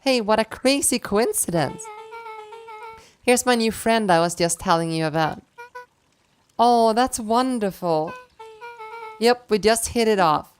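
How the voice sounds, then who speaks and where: A woman's voice: medium pitch, lively intonation, moderate pace, faint music behind. A woman streaming a story game, reading every character's lines aloud in playful voices and laughing between them.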